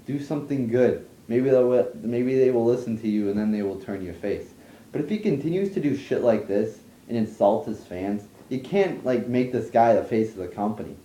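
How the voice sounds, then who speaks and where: A man's voice: medium pitch, normal speed, warm tone. A young man giving a blunt, profane, rambling rant about wrestling, full of fillers. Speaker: wrestling commentator ranting online. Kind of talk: casual rant. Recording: echoey room.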